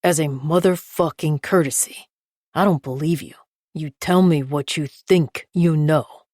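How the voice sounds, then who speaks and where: A woman's voice: low voice, steady tone, measured pace, darkish tone, no echo, clean studio sound. A woman narrator voicing a menacing middle-aged male crime boss who talks in a coarse, threatening way in an audiobook. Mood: indignant.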